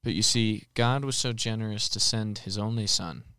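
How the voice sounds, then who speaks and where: A man's voice: fairly low pitch, normal speed, clear, resonant tone, dry recording, studio quality. A man co-hosting a podcast, talking about faith casually and acting out little scenes as he explains. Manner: animated storyteller acting out quotes. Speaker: podcast co-host.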